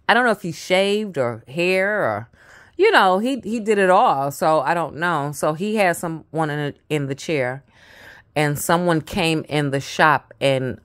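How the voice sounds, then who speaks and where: A woman telling a personal story in a halting, casual way, repeating herself and dropping into mutters. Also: deep voice, fairly bright tone.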